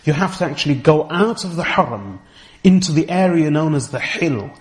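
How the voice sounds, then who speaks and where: A middle-aged man giving a deliberate religious lecture, explaining history and careful Arabic terms as a teacher. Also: on the high side, expressive. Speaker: Islamic teacher.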